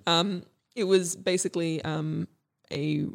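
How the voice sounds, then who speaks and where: Hesitant young woman, gravelly low voice. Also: steady tone, slow pace. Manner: hesitant, many ums and restarts. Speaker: podcast co-host presenting history. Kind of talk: casual history podcast chat.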